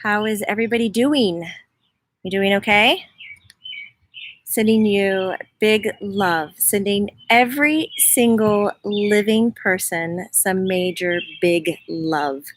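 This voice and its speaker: A woman's voice: medium pitch, takes it slowly, no echo. A woman hosting a casual livestream outdoors in her front yard, chatting and greeting viewers by name. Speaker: host, spiritual medium.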